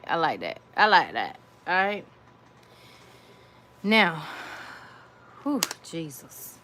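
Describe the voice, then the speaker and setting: A woman walks viewers through a nail art tutorial in a chatty, relaxed way, repeating little phrases as she works. Her voice sits a bit low and she talks slowly. A faint noise hums behind her.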